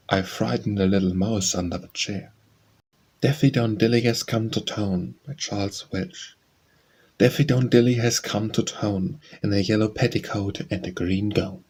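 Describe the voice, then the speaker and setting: A man reading nursery rhymes aloud as an audiobook narrator, announcing each title and author before a measured sing-song recitation. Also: on the low side, a little mellow, breathy edge.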